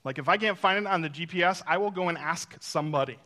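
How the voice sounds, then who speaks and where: A man preaching a sermon. He tells stories and talks straight to the congregation with asides, swinging from loud emphasis to hushed, intimate moments. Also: a little high, fast. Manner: speaks to the congregation directly, with asides. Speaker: pastor.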